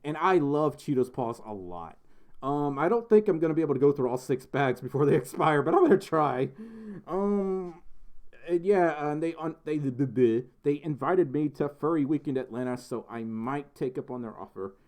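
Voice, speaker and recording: A man's voice: a little high, lively intonation, normal speed, darkish tone. A young man hosting a casual livestream, reading viewer messages aloud in a rambling, giggly way full of ums and restarts. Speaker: livestream host.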